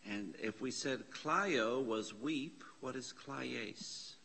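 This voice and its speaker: A man's voice: mid-range voice, very slow, creaky, sharp tone, husky. A man teaching a classroom lesson on Bible Greek in a church classroom, patiently spelling out letters and parsing words aloud.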